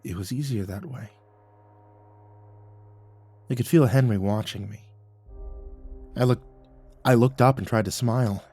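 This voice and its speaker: A man narrating a first-person horror story in a measured, hushed manner, often dropping quiet. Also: mid-range voice, husky, faint music behind.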